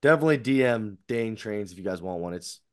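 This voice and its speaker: A man's voice: fairly low pitch, animated, quick pace, smooth, no room sound, studio quality. Rambling man in casual podcast chat. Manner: rambling, lots of fillers and restarts. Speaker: podcast co-host.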